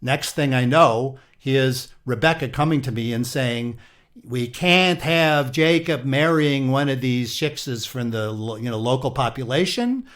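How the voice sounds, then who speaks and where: A man's voice: mid-range voice, lively intonation, measured pace, fairly bright tone. A man playing the aging patriarch Isaac, an aggrieved older man telling his story with a Yiddish-inflected accent and old-world exclamations. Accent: Yiddish-inflected English. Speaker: interviewee. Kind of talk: comedic improvised interview.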